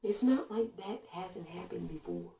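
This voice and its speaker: A woman commentator delivering a sarcastic monologue full of rhetorical questions and drawn-out pauses. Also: fairly low pitch, huge pitch swings, mellow, distant mic, a little hiss or hum. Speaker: online commentator. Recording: roomy echo, voice away from mic.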